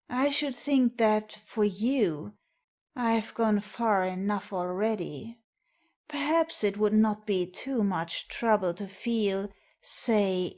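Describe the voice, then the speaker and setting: Woman reading a male cardsharp, suave, mocking, teasing, very slow, muffled audio. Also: mid-range voice. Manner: sly, teasing, unhurried. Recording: dull lo-fi recording.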